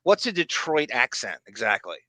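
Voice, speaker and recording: Bright, excitable man from Long Island. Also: mid-range voice, normal speed, dry recording. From Long Island, New York. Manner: animated, excitable, stumbles and restarts. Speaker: podcast co-host. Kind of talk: casual chat.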